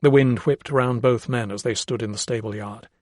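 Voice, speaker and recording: A man reads an audiobook in a steady, measured storytelling style. His voice is medium-pitched, and this scripted narration was captured cleanly in a studio with no room sound.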